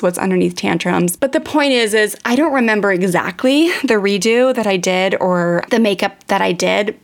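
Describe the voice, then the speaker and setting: A woman's voice: medium pitch, vocal fry. A woman in her thirties, a parenting educator, talks straight to her listeners in a candid, chatty monologue. She strings thoughts together loosely, with plenty of fillers. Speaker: parenting educator and podcast host. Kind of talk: casual storytelling monologue.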